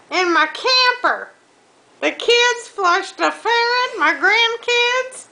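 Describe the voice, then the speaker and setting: Shrill, cussing old granny. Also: bright, forceful tone, full character voice, poor audio. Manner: cussing, rambling, folksy drawl. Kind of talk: prank phone call.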